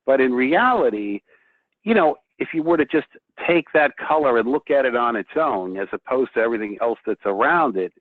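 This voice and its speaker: Guy painter chatting, gets excited and tongue-tied, sounds like he's on a tinny phone line. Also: medium pitch, brisk, dry recording. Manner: excitable, restarts often. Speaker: guest painter. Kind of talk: casual chat.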